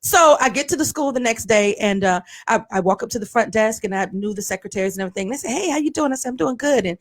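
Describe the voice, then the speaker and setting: A woman's voice: medium pitch, quick pace. A middle-aged woman co-hosting a radio podcast, telling a story in casual chat and acting out the voices of the people in it. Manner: animated, acts out voices in her stories.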